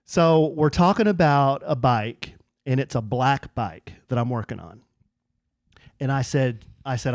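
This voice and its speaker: With a medium-pitched voice at a slightly slow pace, a man co-hosts a podcast, telling a story in casual chat and acting out quoted lines. The sound is clean studio audio with no room sound.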